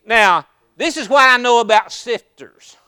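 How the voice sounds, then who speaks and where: A man preaching a sermon in a folksy, storytelling way that builds to impassioned, shouted passages. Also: extremely high pitch, lively intonation, unhurried, smooth, no echo, studio quality.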